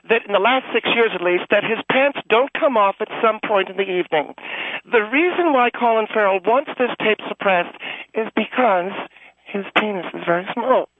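A man voicing a catty, prissy female Hollywood gossip reporter who talks in a high lady voice with prim whispered asides, in a comedy radio sketch. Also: dry recording, narrow, tinny audio. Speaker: entertainment reporter character.

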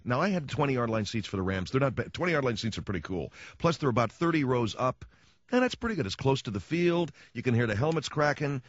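A man with a mid-range voice and big pitch swings hosts a radio talk show, speaking fairly quickly into a studio microphone. He tells stories wryly and sarcastically in a casual monologue, acting out little quotes, and the audio is lo-fi with no room sound.

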